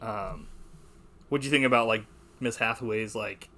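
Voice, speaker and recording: A man's voice: lowish voice, moderate pace, pushed and bright. A young man hosting a podcast, chatting casually about a movie, rambling, swearing and laughing as he quotes lines. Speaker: podcast host.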